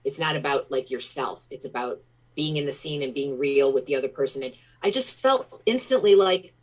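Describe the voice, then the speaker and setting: A middle-aged American woman with a notably low voice talks as an interview guest. Her manner is effusive and enthusiastic, and her stories pour out in casual chat. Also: brisk, darkish tone, rough recording.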